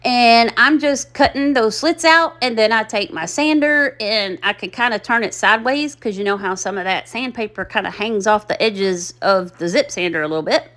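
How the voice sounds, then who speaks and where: A woman's voice: a little high, normal speed, few pauses, fairly bright tone. A middle-aged woman, chatting in a rambling, folksy, self-deprecating way as she narrates her craft project. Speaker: craft channel host. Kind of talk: chatty DIY voice-over.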